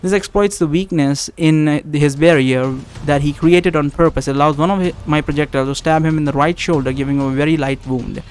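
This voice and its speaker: A man's voice: fairly high pitch, fairly even intonation, a little fast, few pauses, slight background noise. A man reading a text adventure game aloud in first person, with asides, laughs and restarts.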